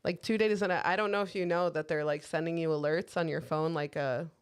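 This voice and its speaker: A woman's voice: deep voice, fairly even intonation, fairly quick, clean tone. Candid, profane woman co-host. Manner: candid, swearing storyteller who quotes herself. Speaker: podcast co-host. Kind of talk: casual chat.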